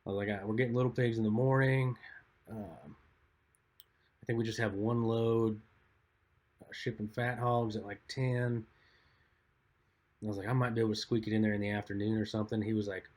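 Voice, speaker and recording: Man, podcast co-host, low voice, laid-back, teasing storyteller. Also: a little mellow. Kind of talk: casual chat.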